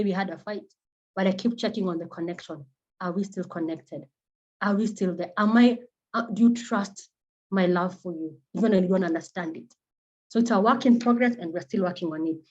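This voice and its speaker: A Kenyan woman psychotherapist, a native Kimeru speaker, giving an animated and earnest talk built around personal stories. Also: medium pitch, muffled recording. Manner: animated, acts out quoted voices, earnest.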